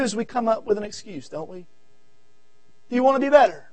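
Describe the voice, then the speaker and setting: A man with a very high-pitched voice and a Southern American accent preaches at a revival service. He swings from shouted appeals down to low, quiet asides, and he repeats his phrases as he builds. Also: very animated, brisk, long pauses, dry recording. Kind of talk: revival sermon. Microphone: audio recording of a church service.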